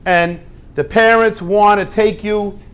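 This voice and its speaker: A man giving an informal Torah talk to a group, lively and conversational, acting out little dialogues and dropping Hebrew and Yiddish words. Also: sits high, slow pace, smooth. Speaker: rabbi teaching a class.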